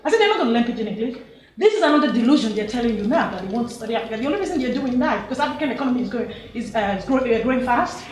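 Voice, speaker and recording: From the audience at a panel in a university lecture hall, a Nigerian woman makes an impassioned comment, emphatic and laughing, restarting her sentences often. Her voice is a little high with lively intonation, and she races along. The hall's echo is audible on the recording.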